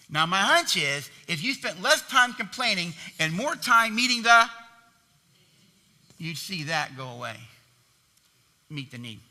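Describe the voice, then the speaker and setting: Brief: male pastor, emphatic call-and-response sermon, high voice, long church reverb. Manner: animated, emphatic preaching with call-and-response questions.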